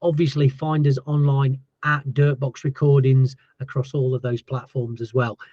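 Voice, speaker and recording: Easygoing host guy, bit hoarse, dull lo-fi sound, dry. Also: medium pitch, level tone, moderate pace, warm tone, no room sound. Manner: chatty, thankful, easygoing. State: losing his voice. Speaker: host and label owner. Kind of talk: casual livestream chat.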